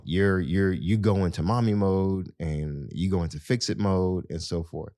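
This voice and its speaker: A man's voice: sits low, a little mellow, no echo, studio quality. A man hosting a podcast, giving casual advice in a conversational way and speaking straight to his listeners, with lots of "you know" fillers. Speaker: podcast host.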